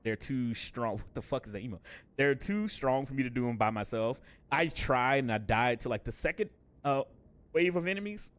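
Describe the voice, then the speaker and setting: A man's voice: medium pitch, normal speed. A man chatting casually on a game live stream, laid-back and jokey, swearing and laughing often.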